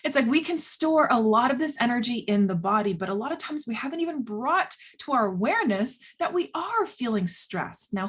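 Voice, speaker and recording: A woman health coach talking casually to camera, chatty and animated, with lots of filler words. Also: on the high side, breathy edge.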